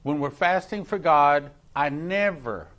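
Preaching as a pastor, this man recounts a personal story in a fairly high, unhurried, somewhat bright voice. His delivery is emphatic and builds in intensity, with words repeated for stress.

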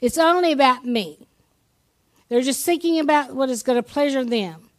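Woman preacher with a high voice, chatty sermon delivery, poses questions to the congregation and repeats words as she restarts. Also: expressive, normal speed. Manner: conversational, asks the congregation questions.

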